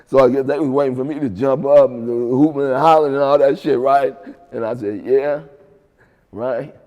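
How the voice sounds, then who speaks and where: A man sits for an interview and tells his story in a loose, easygoing way, dropping "right?" and "man" between phrases. His voice sits at an ordinary pitch for a man. The room carries a long reverb tail. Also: steady tone, fairly quick, a little mellow. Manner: laid-back, repeats "right?" and "man". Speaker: interview guest.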